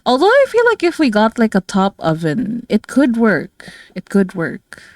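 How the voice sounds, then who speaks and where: A tired, low-energy woman from the Philippines chatting casually with her viewers as a streamer, rambling with many fillers and soft laughs. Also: huge pitch swings, moderate pace, no echo, clean studio sound. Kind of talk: casual livestream chat with viewers.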